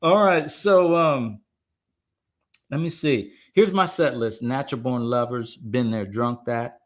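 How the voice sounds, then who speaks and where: A man's voice: medium pitch, slow. A man, a singer-songwriter, chatting casually on a live stream, rambling with many fillers and restarts. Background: faint guitar playing.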